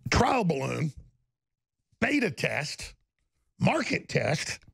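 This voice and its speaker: A man's voice: fairly high pitch, huge pitch swings, extremely slow, gravelly, music in the background. A man hosting heated political commentary, ranting sarcastically. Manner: ranting, sarcastic, jumps between mock voices.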